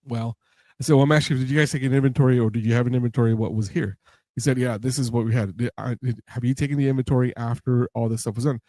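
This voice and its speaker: A man's voice: medium pitch, fairly even intonation, very fast, dark tone, dry recording. A man hosting a podcast, telling a long story with many fillers and acting out what others said. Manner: rambling, many fillers, laughs and acts out quotes. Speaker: podcast host. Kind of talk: casual storytelling interview.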